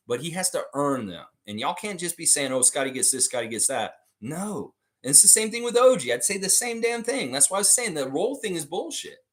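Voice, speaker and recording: Running a laid-back livestream, this guy argues with his chat in blunt, profane language. His pitch is fairly high, and he's very animated, talking fairly quickly with few pauses.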